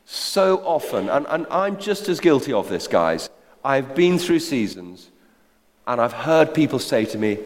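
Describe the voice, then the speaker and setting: A man's voice: mid-range voice, big pitch swings, measured pace. A man preaching a sermon, exhorting his congregation directly with rhetorical questions. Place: church hall. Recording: long reverb of a large hall.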